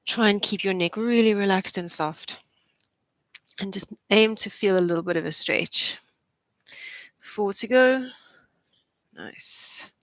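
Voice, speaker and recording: A woman's voice: medium pitch, unhurried, long pauses, fairly bright tone, no room sound. A young adult woman, a physiotherapist, leading a live posture class with encouraging, chatty cues and frequent laughs. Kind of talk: live exercise class instruction.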